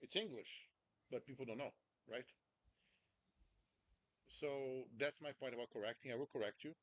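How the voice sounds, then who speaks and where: Coaching a student over video call, an American communication coach keeps things casual and chatty, often asking "right?" and "understand?". His mid-range voice moves at a moderate pace, and the recording is dry.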